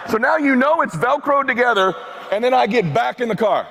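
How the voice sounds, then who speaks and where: A middle-aged man giving a keynote on stage, telling a self-mocking story that swings from hushed asides to shouting. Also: very high-pitched, animated, a little fast, creaky, a little hiss or hum. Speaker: motivational speaker. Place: large event hall stage. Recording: long hall reverb from a live stage.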